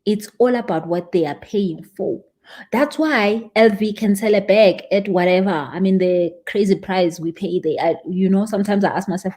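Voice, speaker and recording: A young woman coaching a live-stream audience, animated and emphatic, stressing points by repeating words. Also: medium pitch, moderate pace. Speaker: spiritual business coach.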